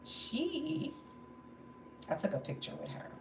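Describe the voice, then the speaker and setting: A woman's voice: sits high, wildly swooping pitch, takes it slowly, long pauses. A tired woman venting candidly in a late-night livestream monologue, laughing between stories. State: tired from no sleep. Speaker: livestream host. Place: indoors at home, late at night. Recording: roomy echo, faint background noise.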